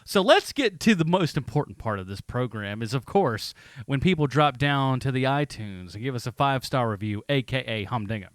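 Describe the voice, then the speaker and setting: A man's voice: medium pitch, animated, fairly quick, no echo, clean studio sound. A man hosting a casual podcast chat, rambling with lots of fillers and frequent laughs. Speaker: podcast host.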